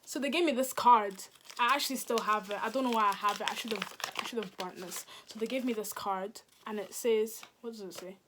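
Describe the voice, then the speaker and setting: A woman's voice: medium pitch, brisk, hardly any pauses, fairly bright tone, slight background noise. A young adult woman, a vlogger, telling a dramatic storytime in casual slang with some swearing. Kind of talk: storytime vlog.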